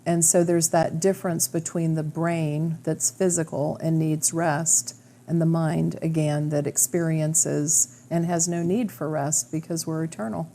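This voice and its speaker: A woman hosting a radio interview as a medium, explaining in a calm, assured way. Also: deep voice, a little hiss or hum. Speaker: radio show host, medium. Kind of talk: interview conversation.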